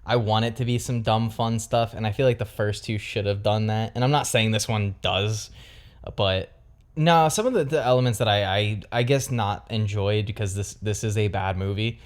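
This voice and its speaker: A man's voice: fairly low pitch, moderate pace. A young man co-hosting a casual film review podcast, joking, laughing often and arguing playfully. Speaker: podcast co-host.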